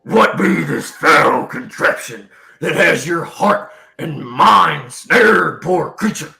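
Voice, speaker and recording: A man's voice: on the high side, expressive, takes it slowly, gravelly, pushed and bright, reverberant, soft background music, voice pushed up, exaggerated voice. A man voicing a roaring wolf outcast. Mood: fierce. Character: wolf-skinned outcast, growling and fierce.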